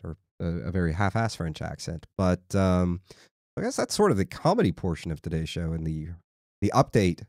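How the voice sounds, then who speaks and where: Man, podcast host, casual chat, easygoing, rambling, deep voice, dry studio sound. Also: a little mellow, no echo.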